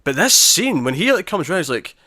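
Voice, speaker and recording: On a casual podcast chat, a male co-host with a bright, crisp, slightly high voice talks fast and animatedly. He restarts often and acts out lines from scenes in the show. The sound is dry, with no room sound.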